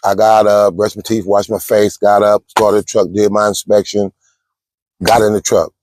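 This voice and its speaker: A man's voice: lowish voice, little pitch movement, moderate pace, a little mellow, no echo. A man, a truck driver giving casual vlog advice, chatty and storytelling, calling his viewers y'all. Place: parked truck at a truck stop.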